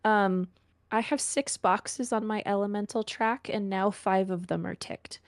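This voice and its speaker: Slow-talking woman handing out praise after a game, rambly and playful, dry close sound. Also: medium pitch, fairly even intonation, dry recording. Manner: meandering, hesitant, playful. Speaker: tabletop game player. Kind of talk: casual post-session chat.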